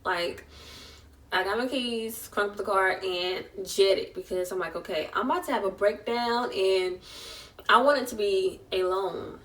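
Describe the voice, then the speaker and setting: Recorded far from the microphone, this young woman's voice is medium-pitched and a bit bright, with a measured pace. As a vlogger, she chattily relays an emotional personal story, voicing the quotes of the people involved.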